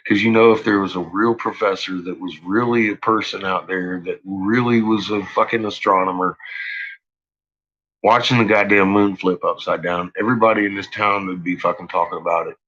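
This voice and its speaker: Casting: male live streamer, husky bright voice, cursing rant, lo-fi stream sound. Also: low-pitched, fairly even intonation, moderate pace. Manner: profane, agitated ranting.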